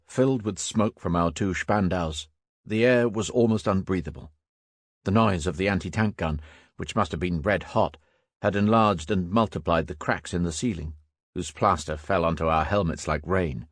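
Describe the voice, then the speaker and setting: Low-voiced man narrating an audiobook. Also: moderate pace, no room sound, clean studio sound. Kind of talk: scripted narration.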